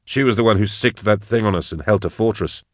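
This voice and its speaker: A man voicing a tense young male rescuer who speaks in a hushed, urgent way. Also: on the low side, a little fast, no echo, clean studio sound, pitched above the performer's own voice, natural voice.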